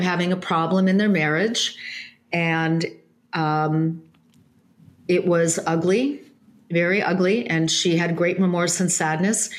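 Animated woman telling a story. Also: lowish voice. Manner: animated, restarts often, acts out quoted voices. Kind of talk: casual anecdote.

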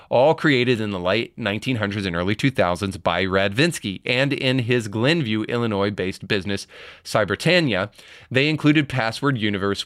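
A man's voice: lowish voice, fairly bright tone, no echo, clean studio sound. A man hosting a podcast, giving opinion commentary and reading passages aloud before riffing on them. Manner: reads quotes aloud, then riffs. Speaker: podcast host.

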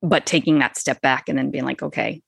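A woman's voice: extremely low pitch, fairly even intonation, fairly quick, vocal fry, husky, no echo. A woman who is a parent, chatting casually on a podcast in a rambling way, with lots of fillers. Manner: rambling, many fillers, acts out quotes.

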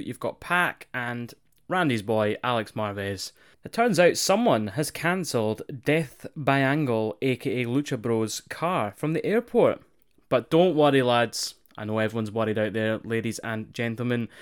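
A man chatting casually as a podcast co-host, swearing freely, excitable and rambling as he talks things through. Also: mid-range voice, smooth. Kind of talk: casual wrestling review chat.

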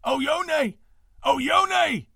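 A man's voice: very high voice, drawn-out words, vocal fry, pushed and bright, no room sound, clean studio sound, far from the mic, pitched above the performer's own voice, exaggerated voice. A man voicing a frantic father in a storybook, panting and crying out. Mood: calling out. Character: frantic father searching for his daughter.

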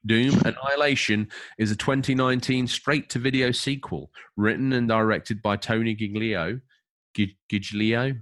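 A man's voice: medium pitch, moderate pace, few pauses, fairly bright tone. A man co-hosting a podcast, chatting casually and reading out an overview with wry, opinionated asides. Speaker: podcast co-host.

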